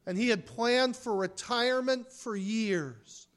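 A man preaching a sermon as a pastor, swinging between hushed, quiet stretches and forceful, rising emphasis. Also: extremely high pitch, slow.

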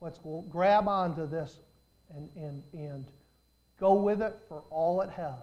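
A man preaching a sermon as pastor, swelling into loud, stretched-out emphasis and then dropping back to a conversational tone. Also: on the high side, lo-fi sound. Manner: preaching with surges of volume and drawn-out emphasis.

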